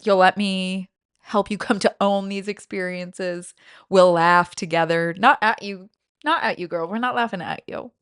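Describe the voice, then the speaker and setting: Swearing, animated woman podcast host. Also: medium pitch, unhurried, clean tone, no room sound, clean studio sound. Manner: profane, animated, self-mocking storytelling. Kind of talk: casual comedy podcast chat.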